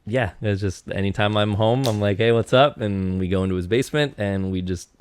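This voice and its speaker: A man in his thirties from Eastern Washington, a podcast guest chatting casually in a rambling, animated way with lots of restarts. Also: on the low side, fairly quick, clear, resonant tone, no room sound, clean studio sound. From Eastern Washington, USA. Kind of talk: casual chat.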